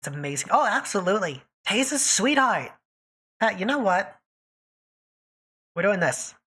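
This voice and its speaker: A woman's voice: medium pitch, very animated, moderate pace, fairly bright tone, husky. A woman streaming live, chatting casually and teasing her viewers by name while she draws.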